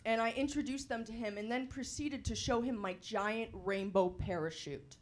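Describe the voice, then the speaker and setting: A woman doing a stand-up set on a comedy club stage, telling her stories in a slow, deadpan way. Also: a little high.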